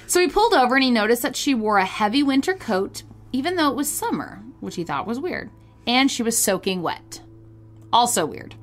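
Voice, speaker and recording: A woman co-hosting a podcast, telling a story in casual chat, giggly and animated with lots of fillers. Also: a little high, fairly quick. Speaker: podcast co-host.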